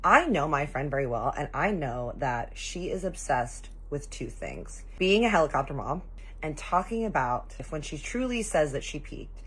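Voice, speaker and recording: A woman tells a story in a relaxed, chatty way, with a low pitch and a husky edge. Her telling is lively and full of y'all and girl. She often slips into what other people said. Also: moderate pace. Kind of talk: casual storytime.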